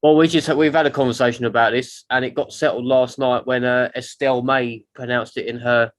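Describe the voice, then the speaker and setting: Band member on a podcast call, wry and teasing. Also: male voice, medium pitch, fairly even intonation, a little fast. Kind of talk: casual interview.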